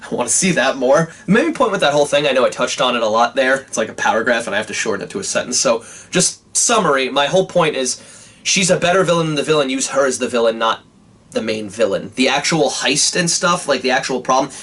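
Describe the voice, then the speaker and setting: A young man giving an animated, casual movie review, swearing often and restarting his sentences. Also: medium pitch, brisk, slightly rough.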